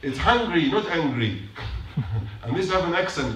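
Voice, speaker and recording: Man preaching in a mosque, high voice, keeps repeating himself for emphasis, echoey room. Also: big pitch swings, measured pace, background noise. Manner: emphatic, repeats points, asks the congregation questions. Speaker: mosque speaker. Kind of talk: short sermon reminder. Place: mosque prayer hall. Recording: echoey hall from a distance.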